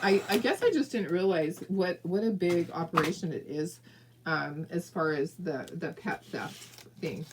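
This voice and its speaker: This craft video host, a woman from southern California, runs a relaxed crafting livestream where she addresses viewers directly, encourages them, chats freely, and laughs a lot. She speaks unhurriedly at a fairly low pitch, with background noise present.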